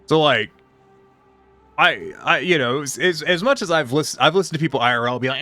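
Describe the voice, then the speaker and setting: A man's voice: fairly high pitch, normal speed, sharp tone, soft background music. A man streaming live, telling a profane, exasperated story in casual chat.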